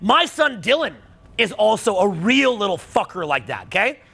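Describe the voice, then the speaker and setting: A man's voice: sits high, very animated, normal speed, gravelly, sharp tone, husky. A middle-aged man coaching a live seminar audience, blunt and profane, rising to heated outbursts. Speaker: dating and social skills coach.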